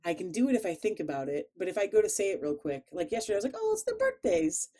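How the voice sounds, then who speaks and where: A woman with a Chicago accent, chatting casually as a podcast co-host, animated and quick to laugh. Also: on the low side. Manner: animated, laughs often, playful. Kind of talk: casual chat.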